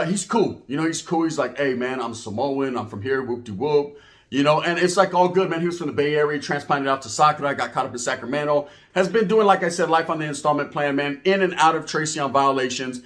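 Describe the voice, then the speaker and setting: A man's voice: a little high, fairly bright tone. A man telling a rambling, profane story in heavy street slang, tagging lines with "right?". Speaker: storyteller recounting prison life. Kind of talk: casual storytelling.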